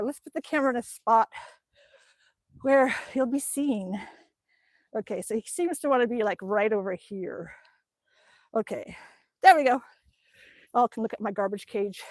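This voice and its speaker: An older woman with a high, chirpy voice chats on a live stream from home, reading comments and laughing between sentences. She pedals an exercise bike as she talks and coos at her dog in baby talk. The sound is close and dry, with almost no room echo. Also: normal speed, long pauses. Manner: working out on an exercise bike while talking. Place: at home, indoors.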